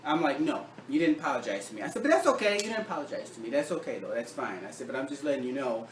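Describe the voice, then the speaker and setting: A man casually telling a story about a doctor visit, acting out both sides of the talk and dropping his voice low and soft for the doctor's lines. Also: lively intonation, rapid-fire. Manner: retells a doctor visit with quoted dialogue, drops voice low and soft for the doctor. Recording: echoey room, far from the mic, faint noise.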